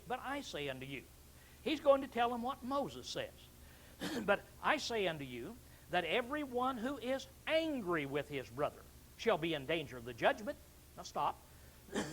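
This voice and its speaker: A male pastor preaching a sermon, animated, acting out angry outbursts and often clearing his throat. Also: high-pitched, slight background noise, low-quality recording.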